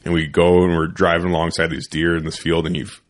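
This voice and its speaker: Podcast host, young man, deep low voice, loose profane storyteller, studio chat. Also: little pitch movement, quick pace.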